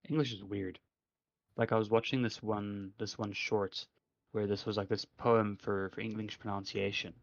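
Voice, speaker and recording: A young man with a fairly low voice talks his thoughts through in a rambling podcast chat, full of "like" and "I mean". The recording sounds dull and lo-fi. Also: level tone, normal speed, vocal fry, no room sound. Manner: rambling, many fillers, reflective. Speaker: podcast co-host. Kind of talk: casual chat.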